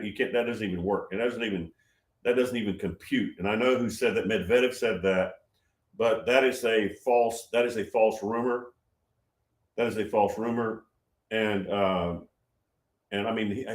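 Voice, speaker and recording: A man's voice: fairly low pitch, reverberant. A man hosting a prophetic livestream, talking casually and reading viewer comments, rambling and repeating himself with emphasis.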